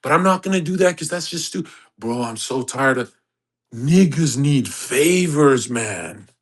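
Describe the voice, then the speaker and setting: A man's voice: medium pitch, animated, measured pace. A brash, swaggering man ranting in a profane, mocking monologue as host of an online voice chat.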